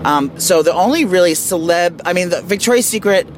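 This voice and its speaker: A man co-hosting a casual celebrity gossip chat, animated, catty and quick with opinions. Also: high-pitched, background noise. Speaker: co-host.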